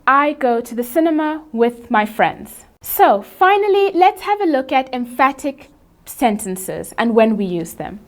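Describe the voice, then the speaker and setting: A woman with a slightly raised pitch gives a scripted grammar lesson to learners of English. She explains each rule in a steady, measured way. Example sentences come out slow and carefully spaced. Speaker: English teacher.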